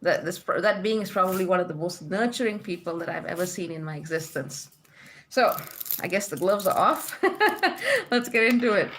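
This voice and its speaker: A woman's voice: on the low side, brisk, a bit bright, slight background noise. A woman from Malaysia hosting a spiritual livestream in a casual, chatty way, reading out viewer comments and laughing often.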